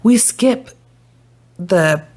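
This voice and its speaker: A young woman from Idaho talking casually into her phone, rambling and swearing with excitable energy. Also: fairly low pitch, drawn-out words. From Idaho, USA. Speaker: vlogger. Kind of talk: casual commentary to camera.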